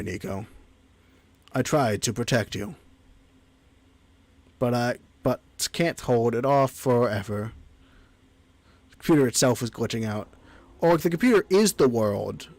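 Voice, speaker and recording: A man's voice: medium pitch, animated, measured pace, pauses often, darkish tone, no echo. A man streaming a game, chatting casually and reading the on-screen text aloud. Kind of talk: casual gameplay commentary.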